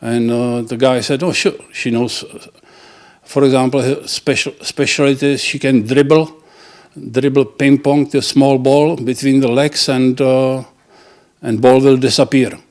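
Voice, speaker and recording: Halting man telling dirty jokes. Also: mid-range voice, flat delivery, a little mellow. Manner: halting, restarts words, laughs at own punchlines. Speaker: joke teller.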